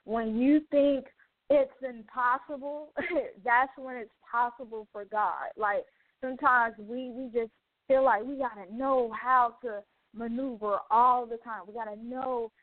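A woman hosts a radio talk show, sharing a personal testimony in a heartfelt, conversational way. Her voice sits a little high. The sound is narrow and phone-like with no room echo. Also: fairly even intonation, a little slow. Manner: heartfelt storytelling, many "you know" asides.

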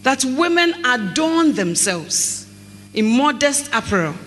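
Man, preacher, very high voice, bright tone, echoey hall, faint hum. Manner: slow scripture reading, lively storytelling with acted dialogue. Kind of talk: sermon.

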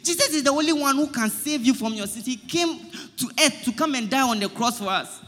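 A man's voice: very high voice, animated, fairly quick, pushed and bright, long reverb tail, soft background music. A man, preaching to his friends in a comedy skit, pleading, stammering over his words and quoting scripture. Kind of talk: comic street-style preaching.

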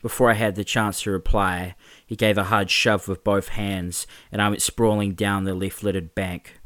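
Low-voiced man narrating a story. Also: level tone, moderate pace, fairly bright tone, no echo. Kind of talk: first-person story narration.

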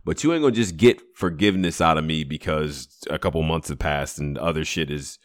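A man's voice: rumbling low, brisk. A man co-hosting a casual podcast chat, talking emphatically with frequent swearing. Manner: animated, emphatic, swears freely.

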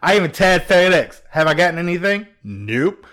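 A man's voice: sits high, normal speed. A man co-hosting a podcast, telling stories in casual chat, acting out quotes, swearing and laughing often. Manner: animated storyteller who acts out quotes, swears, laughs often. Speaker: podcast co-host.

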